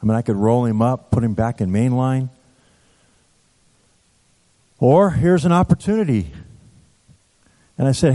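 A man preaching, telling a story in a conversational, animated way with asides to the audience. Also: medium pitch, normal speed. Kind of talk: sermon storytelling. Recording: reverberant hall.

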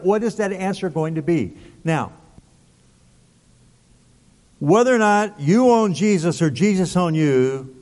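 A man's voice: on the high side, a little mellow. A male pastor preaching a sermon, emphatic, asking rhetorical questions and repeating words. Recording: long hall reverb.

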